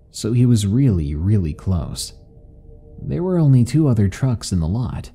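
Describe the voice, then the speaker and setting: A man narrating a horror story in a calm, measured, ominous delivery. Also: on the low side, breathy edge. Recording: faint background music.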